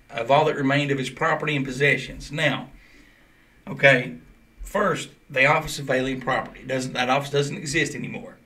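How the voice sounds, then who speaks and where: A man's voice: mid-range voice, sharp tone. A man hosting a casual podcast, explaining at length in a loose, chatty way. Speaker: podcast host. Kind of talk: casual chat.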